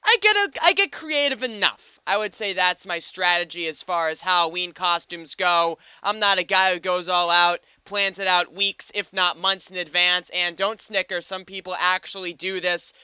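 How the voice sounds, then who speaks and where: A young American man hosts a sports podcast, delivering a scripted monologue in an upbeat, wry way with frequent fillers. His voice sits high and sounds pushed and bright, and he talks at a normal speed with hardly any pauses. The tone is clean, and the dry podcast audio is slightly dull, with no room sound.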